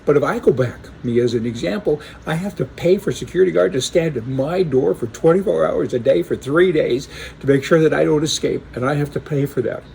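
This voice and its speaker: Gravelly-voiced sarcastic male commentator. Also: fairly high pitch, a little fast, a little mellow, a little hiss or hum. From Canada. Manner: punchy, sarcastic, folksy wordplay. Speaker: political commentator. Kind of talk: opinionated political monologue.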